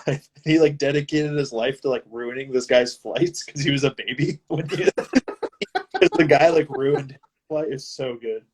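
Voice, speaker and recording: An eager man talking as a guest on a video call. He retells things with excitement and fills his speech with casual fillers. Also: medium pitch, moderate pace, slight background noise. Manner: enthusiastic, filler-heavy retelling of sketches. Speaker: guest musician.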